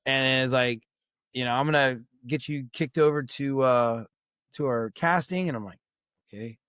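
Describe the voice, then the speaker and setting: Mid-range in pitch and moderate in pace, a middle-aged veteran's voice comes through clean, a bit bright, and without echo. He's a podcast guest telling a story casually, cursing freely and acting out the voices of those he quotes.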